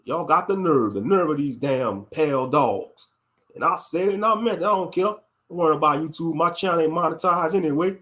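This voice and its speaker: A man's voice: on the high side, animated, brisk, a bit bright. A man delivering a blunt, heated commentary rant as a YouTube commentator. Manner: blunt, heated, repeats catchphrases. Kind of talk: ranting commentary.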